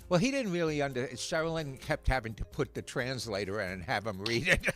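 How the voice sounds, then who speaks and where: A man's voice: mid-range voice, lively intonation, brisk, fairly bright tone, soft background music. A man with a New York accent co-hosting a podcast, joking and laughing in a casual morning chat. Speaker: podcast co-host.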